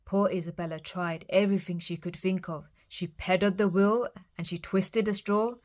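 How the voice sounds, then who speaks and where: A woman storyteller reading children's fairytales aloud in a lively, expressive way. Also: mid-range voice, normal speed.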